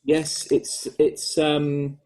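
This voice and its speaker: Older English man, mellow and relaxed, chatty with restarts, on a video call. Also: on the high side, extremely slow. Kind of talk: casual chat on a video call.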